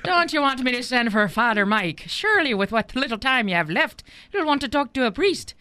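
A woman playing a patient wife at her husband's sickbed in a comic radio skit, soft and cooing and prone to giggling. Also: a little high, expressive, brisk, slight background noise. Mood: wary. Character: long-suffering wife at a sickbed.

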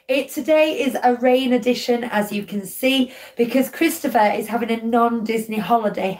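A middle-aged woman chats casually as a podcast co-host in her living room. She throws in playful little asides between the show's segments. Her voice sits a little higher than most women's. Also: darkish tone. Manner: playful, chatty, quick asides. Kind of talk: casual chat.

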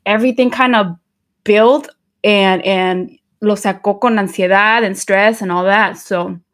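A woman in her thirties hosting a podcast, excited and rambling, mixing in Spanish words. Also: medium pitch, a little slow. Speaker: podcast host. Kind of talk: casual podcast chat.

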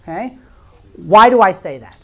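A middle-aged woman teaching a class in a very animated voice that rises and falls widely. She keeps asking her students questions and checking in as she goes. The recording is slightly muffled and lo-fi. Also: mid-range voice, normal speed. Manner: animated, asks the class many questions, frequent "right?" and "okay?". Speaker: lecturer. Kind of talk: classroom lecture.

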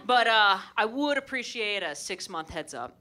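Brief: wry female stand-up comedian, very animated delivery, live club with crowd and room noise. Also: mid-range voice, normal speed. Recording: live club, audience laughter.

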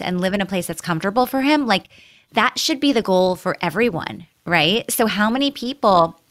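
A woman's voice: mid-range voice, a bit bright. A woman co-hosting a podcast, speaking in an effusive, emotional way. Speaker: podcast co-host. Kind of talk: casual chat.

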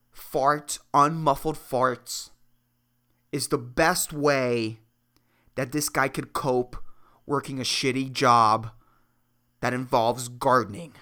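A man's voice: fairly high pitch, sharp tone. A man from Puerto Rico hosting a solo comedy podcast, rambling and swearing, swinging between worked-up rants and mumbled asides. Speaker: podcast host.

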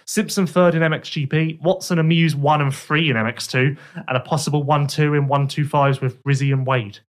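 A young man co-hosts a casual podcast, reading listener questions aloud. He answers with dry, teasing asides in a voice that sits a little higher than most men's. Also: steady tone, a little fast. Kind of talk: casual chat.

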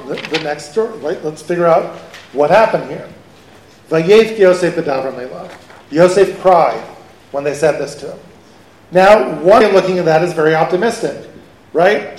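A man, a rabbi, giving a lively conversational Torah lecture to a live audience and asking them questions. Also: high-pitched. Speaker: rabbi teaching a Torah class. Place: event hall with an audience. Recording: echoey hall.

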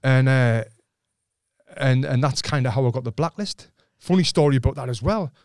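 A man's voice: medium pitch, normal speed, a little mellow, clean tone, no room sound. Dry-sounding man telling stories. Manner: swearing, laughing, restarts his sentences often. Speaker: podcast guest. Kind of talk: casual storytelling chat.

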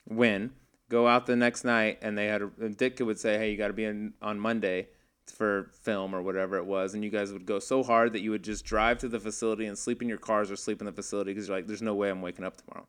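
A man's voice: on the low side, flat delivery, fast, a bit bright, smooth. A man co-hosting a podcast in a studio, chatty and asking long rambling questions. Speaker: podcast co-host. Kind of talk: casual chat.

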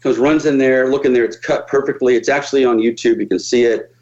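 A man's voice: medium pitch, fast, muffled recording. A man telling stories as a podcast guest, swearing freely and acting out the people in them. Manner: profane, animated, acts out quoted voices. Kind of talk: casual storytelling on a podcast.

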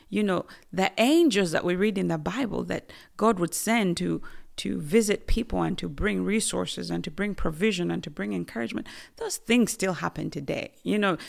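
Her voice is lowish and gravelly. This guest from Uganda shares a heartfelt personal testimony with emphasis, letting her words drop almost to a whisper when things get intense.

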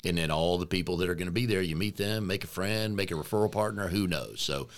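A man's voice: sits low, fast talker. A man co-hosting a business coaching podcast, chatting casually with an easygoing, jokey manner.

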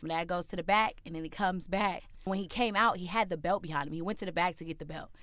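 A young woman tells a personal story with animated energy, leaping into high, loud voices for the people she quotes. Her voice is smooth and slightly low. The sound is dry and close. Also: quick pace, no room sound. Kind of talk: personal story told to a listener.

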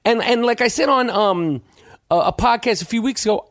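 High-voiced rambling male podcast host. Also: normal speed, no room sound, studio quality. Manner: rambling, profane, frequent stammered restarts. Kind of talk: casual opinion monologue.

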